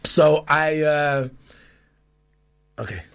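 A man's voice: on the high side, very slow, vocal fry, a bit bright, clear, resonant tone, dry recording. A man, telling playful stories in casual chat with many restarts. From London. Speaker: guest. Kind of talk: casual storytelling.

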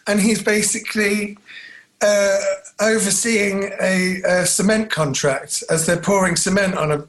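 A man chats casually as a podcast co-host. He tells rambling, jokey stories in a slightly high voice. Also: fairly bright tone. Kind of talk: casual chat.

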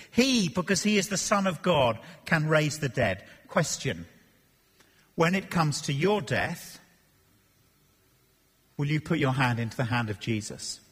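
A man preaching an expository sermon, animated, acting out voices and joking between readings. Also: on the high side, breathy edge. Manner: animated, acts out Bible voices and jokes. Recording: long reverb of a church hall.

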